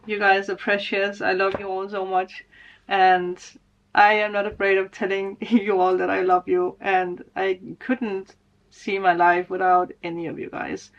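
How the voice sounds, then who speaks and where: A woman reading tarot cards in a casual vlog. Her pitch sits in the middle for a woman. She speaks straight to her viewers, gets emotional and laughs often. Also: lo-fi sound. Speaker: spiritual tarot reader.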